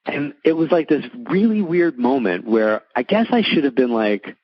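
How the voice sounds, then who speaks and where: Middle-aged man, husky voice, talking casually in a dry, close room, muffled sound. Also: medium pitch, big pitch swings, moderate pace, dry recording. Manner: chatty, many likes and restarts, acts out quoted voices. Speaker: psychic medium guest. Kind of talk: casual storytelling interview.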